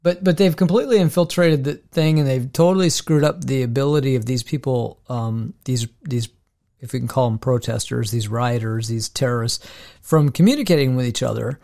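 A man's voice: medium pitch, brisk, darkish tone. A man co-hosting a podcast, telling stories in a rambling way with many restarts. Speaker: podcast co-host. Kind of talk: casual podcast chat.

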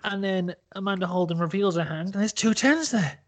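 A man hosts a podcast and spins an absurd story with rambling energy. His telling is animated and profane, full of asides. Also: high-pitched, fairly quick. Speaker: podcast host. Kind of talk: comic storytelling.

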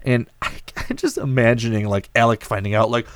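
A man hosting a podcast in casual chat, animated and rambling. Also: medium pitch, a little fast, no echo, clean studio sound. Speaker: podcast host.

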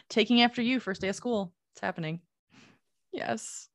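A woman's voice: a little high, no room sound, studio quality. A woman co-hosting a podcast, talking casually with lots of "like" fillers and frequent laughter. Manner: chatty, many "like" fillers, laughs often. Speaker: podcast co-host.

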